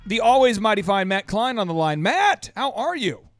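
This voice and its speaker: A man's voice: sits high, big pitch swings, normal speed, over music. A man hosting a business podcast, teasing his guest in playful, exuberant banter. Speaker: podcast host. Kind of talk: lively radio show banter.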